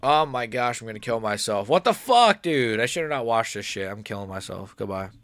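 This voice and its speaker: A man's voice: on the low side, fairly quick, a bit bright, no echo. A young man giving casual, profane live-stream reaction commentary, rambling and frustrated with lots of fillers. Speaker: livestreamer watching a fight.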